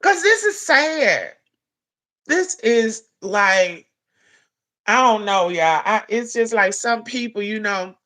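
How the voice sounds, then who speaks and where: A woman's voice: mid-range voice, pushed and bright. A woman giving a heated, profane commentary rant, blunt and scolding. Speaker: commentary vlogger.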